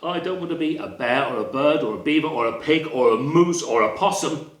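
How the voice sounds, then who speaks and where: A restless little bunny who frets and complains about each new home, as a storyteller puts him on. The voice sits high and swoops about. There is a noticeable echo of the room around it. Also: male voice, lively intonation, brisk, natural voice. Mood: complaining. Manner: complaining, fretful. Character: fussy, restless young male bunny.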